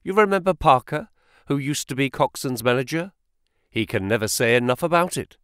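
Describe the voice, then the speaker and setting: Arthur Pinner, a man doing a brisk flattering agent. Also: medium pitch, clear, resonant tone, no room sound, clean studio sound, natural voice. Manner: quick, sharp, flattering and excitable. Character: brisk, smooth-talking male financial agent. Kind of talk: audiobook character voice.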